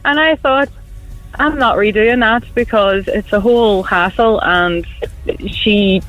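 A woman's voice: medium pitch, takes it slowly, faint music behind, low-quality recording. A woman from Derry with a Derry accent, calling in to a radio show and telling an anecdote with frequent giggles. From Derry, Northern Ireland. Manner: giggly, animated storyteller. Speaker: caller. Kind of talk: phoned-in anecdote.

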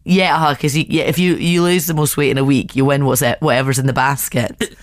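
A woman's voice: a bass voice, steady tone, a little fast, no room sound, studio quality. A woman co-hosting a radio show, telling gossipy stories with giggles. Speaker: radio co-host. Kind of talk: casual radio chat.

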